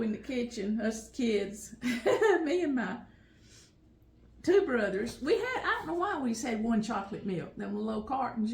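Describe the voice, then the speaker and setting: A fairly high, creaky female voice with a roomy sound belongs to an older woman reminiscing indoors at home as a vlog host. Her personal stories come across as heartfelt and emotional, punctuated often by laughter.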